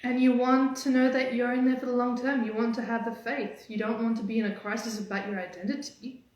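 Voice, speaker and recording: A woman dating coach giving energetic, teasing motivational talk on a live stream. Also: lo-fi sound. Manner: energetic, teasing, fast-changing pitch. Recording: very echoey room.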